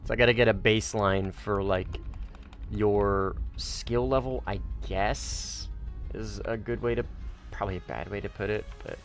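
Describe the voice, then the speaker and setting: A man's voice: on the low side, steady tone, normal speed, faint music behind. A man streaming a game and chatting with viewers, rambling and correcting himself as he goes, with casual swearing. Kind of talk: casual gaming livestream chat.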